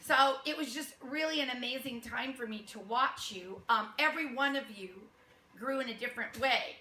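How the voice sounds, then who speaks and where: A woman's voice: a little high, moderate pace, slight background noise. A woman directing a youth theater cast, speaking to them with laughter and acting out their lines. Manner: warm, laughing, acts out lines. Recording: echoey room with a crowd. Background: audience murmur and laughter.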